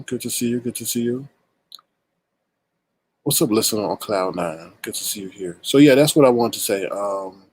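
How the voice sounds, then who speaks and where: Husky-voiced man hosting a livestream. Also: mid-range voice. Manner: chatty, greets viewers by name while talking. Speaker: livestream host. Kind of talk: casual livestream commentary.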